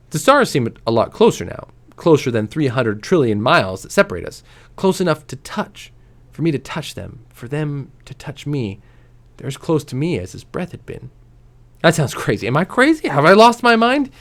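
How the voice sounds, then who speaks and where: Animated man reading a novel aloud. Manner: expressive, lively voices for quoted lines; drops to a soft, low voice on quiet lines. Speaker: reader.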